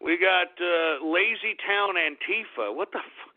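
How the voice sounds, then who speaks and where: A man hosting a radio show, ranting angrily and yelling insults at his listeners. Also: sits high, a little slow. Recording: tinny phone-line sound.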